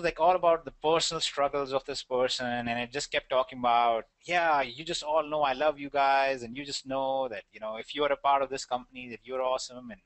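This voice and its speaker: A man's voice: a little high, a bit bright, no room sound. A man with an Indian accent presenting an online webinar, talking earnestly with a rambling delivery and many fillers.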